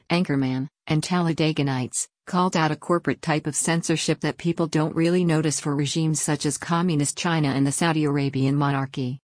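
A woman reading a news article aloud in a steady, even read-aloud delivery. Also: low-pitched, no room sound, clean studio sound.

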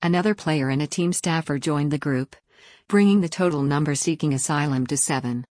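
Low-voiced woman reading a news article. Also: fairly quick, darkish tone, no echo, studio quality. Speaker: news reader. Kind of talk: scripted news narration.

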